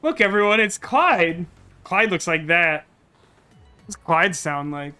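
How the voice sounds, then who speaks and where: Bright-voiced joking let's play host. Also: male voice, sits high, sing-song, slow, clean tone, soft background music. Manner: joking, rambling asides. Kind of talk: let's play commentary, reading game dialogue aloud.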